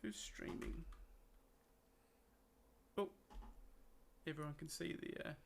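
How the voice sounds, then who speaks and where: A woman's voice: low voice, steady tone, takes it slowly, creaky, background noise. A woman running a tabletop game stream, chatting casually and laughing as she signs off. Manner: laughing, teasing, rambling. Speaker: game master and stream host. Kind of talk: casual stream sign-off chat.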